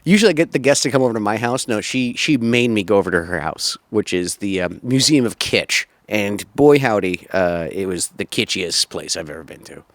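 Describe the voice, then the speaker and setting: A man's voice: on the low side, expressive, a little fast, hardly any pauses, dry recording. A man hosting a podcast in loose, rambling casual chat, laughing often and full of fillers. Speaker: podcast host.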